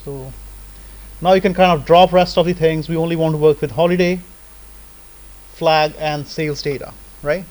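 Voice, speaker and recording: A man's voice: on the high side, fairly even intonation, moderate pace, pauses often, a little mellow, poor audio. Man lecturing, peppering with "right?". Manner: casual, repeats "right?" and "okay?" as check-ins. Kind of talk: live software tutorial lecture.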